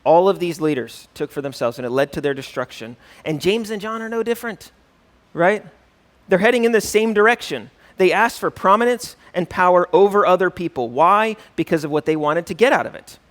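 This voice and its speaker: A man's voice: sits high, expressive, brisk, fairly bright tone. A male pastor teaching a church class in a conversational way, often checking in with "right?" and reading scripture aloud with rising emphasis. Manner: conversational, keeps asking "right?".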